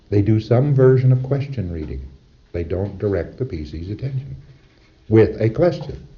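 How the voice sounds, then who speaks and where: A man giving a lecture in an emphatic, rhetorical manner, often checking in with his listeners. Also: fairly low pitch. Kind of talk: recorded lecture. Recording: dull lo-fi 1960s lecture tape.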